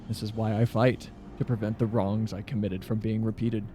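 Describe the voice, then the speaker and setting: A man voicing a stern older imperial commander from a game, grave and measured. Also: lowish voice, level tone, mellow, faint music behind, voice pushed down, lightly acted. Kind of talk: voicing game dialogue on stream.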